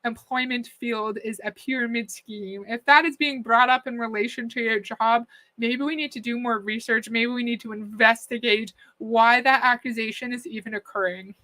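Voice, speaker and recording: A woman's voice: on the high side, fairly even intonation, moderate pace, bright, forceful tone. A woman hosting a reaction commentary, chatting skeptically and reading out viewer comments. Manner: skeptical, conversational, often laughing. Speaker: commentary host.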